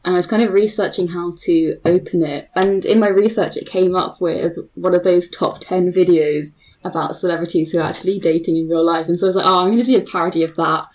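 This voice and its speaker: A woman's voice: fairly low pitch, fairly even intonation, fairly quick, darkish tone, poor audio. Giggly young woman chatting. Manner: giggly, rambling. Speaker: podcast co-host. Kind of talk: casual chat.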